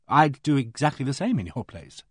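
A male reader voicing a young woman who speaks brightly and directly, in a lifted, lighter voice. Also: mid-range voice, very animated, brisk, breathy edge, no room sound, clean studio sound. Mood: wry.

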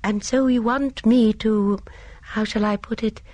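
A woman voicing a gentle, apologetic elderly spinster sleuth in an audiobook, hesitant and flustered, with a breathy tone. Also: on the high side, fairly even intonation, unhurried, no room sound, voice pushed up. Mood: fretful. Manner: hesitant, flustered, soft-spoken. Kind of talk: audiobook character voice.

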